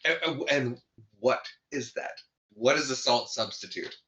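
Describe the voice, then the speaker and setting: A man's voice: mid-range voice, measured pace, pushed and bright, muffled recording. A man co-hosting a podcast, recapping a movie in casual chat and laughing often as he tells the scenes. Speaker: podcast co-host.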